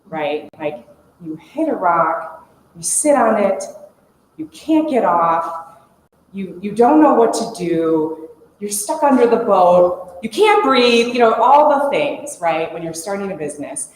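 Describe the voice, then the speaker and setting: A woman's voice: mid-range voice, slow. Woman telling a story in an echoey hall. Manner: lively, laughs through her story. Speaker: conference speaker. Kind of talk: storytelling talk to an audience. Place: conference room. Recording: echoey conference room, faint hum.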